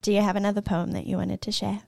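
A woman's voice: mid-range voice, flat delivery, fast talker, creaky, mellow, no room sound, studio quality. A woman hosting a podcast, asking questions in an encouraging, enthusiastic way. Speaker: podcast host. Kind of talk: casual podcast chat.

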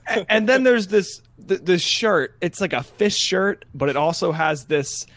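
Male co-host with a Philadelphia-area accent, slightly high voice, loose and rambling, laughs easily. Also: lively intonation, measured pace, fairly bright tone. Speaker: podcast co-host. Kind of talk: casual chat.

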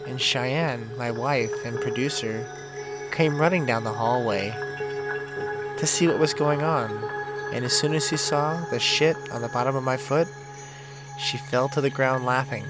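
Over background music, a man with a medium-pitched voice leads a breathing and laughter session at an unhurried pace. He gives the exercise instructions in an exaggerated, coach-like way.

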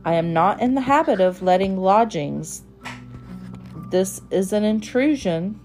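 A woman's voice: medium pitch, expressive, measured pace, a little mellow, faint music behind. A woman voicing a fussy, tidy little female mouse who talks in a prim, scolding way. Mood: cross.

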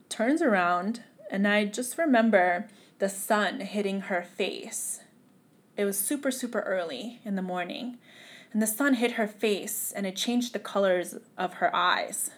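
A young woman recounts a painful memory as a podcast guest. Her voice is emotional and halting, at times sinking to a near whisper. She speaks in an everyday middle register. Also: mid-range voice. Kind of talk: emotional personal storytelling.

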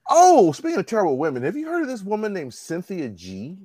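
A man's voice: high voice, huge pitch swings, a little fast, warm tone, no room sound. A man in casual conversation, ranting bluntly and profanely. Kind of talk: casual chat.

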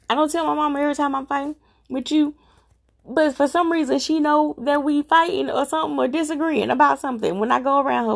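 Middle-aged woman rambling through a family story, gravelly voice, acts out everyone. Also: sits high, fast talker. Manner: chatty, repeats herself for emphasis. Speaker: vlogger telling a personal story. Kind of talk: casual storytelling.

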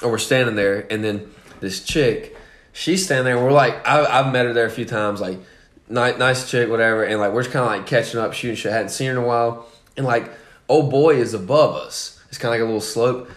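A young man spins a crude, animated story with lots of laughter and swearing. His voice sits in a middle pitch. The room around him has a noticeable echo. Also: a little fast. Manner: profane, animated storyteller who laughs often. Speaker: podcast host. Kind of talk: casual storytelling chat. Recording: echoey room.

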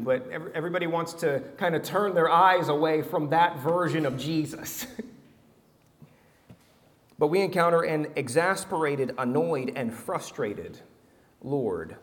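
A man preaching a sermon as pastor, animated and humorous, swinging from loud to hushed. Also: a little high, a little slow, in a large hall.

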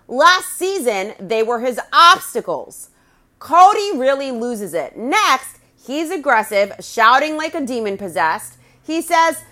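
A woman's voice: high-pitched, big pitch swings, slow pace, pushed and bright. A woman hosting a podcast, giving blunt, scornful recap commentary with crude put-downs. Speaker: podcast host.

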